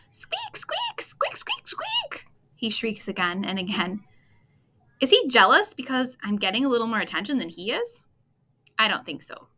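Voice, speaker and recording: An expressive woman reading a children's bedtime story aloud. Her voice is bright and crisp, swooping up and down with lively, playful pitch as she draws young listeners in. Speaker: storytime reader.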